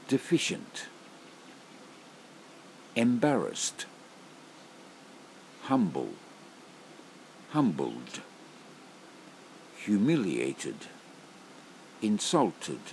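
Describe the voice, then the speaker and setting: Slow, deep gravelly man reading words. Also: darkish tone, a little hiss or hum. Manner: slow, deliberate word-by-word reading with long pauses. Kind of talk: slow list of emotion words read aloud.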